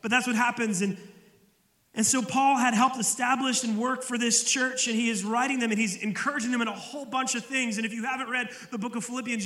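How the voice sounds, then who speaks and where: A man's voice: very high-pitched, pushed and bright, reverberant, in a large hall. A male pastor preaching a sermon in a conversational way, often repeating words as he starts a phrase.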